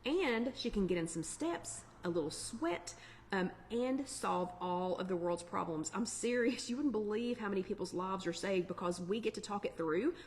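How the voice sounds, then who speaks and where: A middle-aged woman hosts a casual live online weight-loss chat in a chatty, upbeat manner, full of fillers and warm Southern-flavored asides. Her mid-range voice is animated and moves at normal speed, with a little hiss or hum in the recording.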